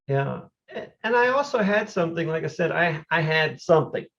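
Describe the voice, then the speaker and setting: A man, a podcast guest, telling his story in a casual, animated way, full of "like" and "you know". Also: a little high, normal speed, gravelly. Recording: dull, lo-fi audio.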